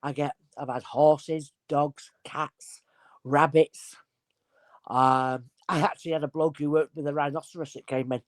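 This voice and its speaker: A woman's voice: low voice, a little slow, no echo. A woman, a spirit medium guest telling stories casually and acting out the voices in them. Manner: animated, acts out voices in anecdotes. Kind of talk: casual storytelling conversation.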